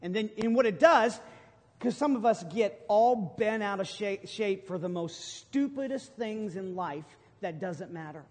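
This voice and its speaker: A middle-aged man preaching a sermon as pastor, storytelling with emphatic, sudden loud bursts. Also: high voice, animated, unhurried. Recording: long hall reverb from a sanctuary.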